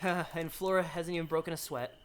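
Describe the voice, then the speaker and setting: A man reading a visual novel aloud, voicing a gruff male cook who sounds irritable and sarcastic. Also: a little high, steady tone, brisk, fairly bright tone, lightly acted. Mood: annoyed.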